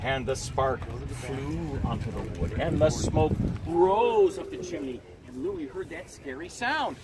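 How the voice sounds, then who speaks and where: A man telling an interactive folk tale to an audience at an outdoor event, animated and drawing listeners in. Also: fairly high pitch, unhurried. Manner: animated, teaching the audience gestures and sounds. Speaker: historical reenactor storyteller. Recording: outdoor street and traffic noise.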